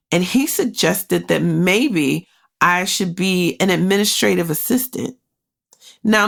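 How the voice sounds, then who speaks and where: A woman hosts a podcast, her mid-range voice a bit bright with vocal fry. She tells a personal story candidly and emotionally, speaking straight to her listeners in a conversational way peppered with "like."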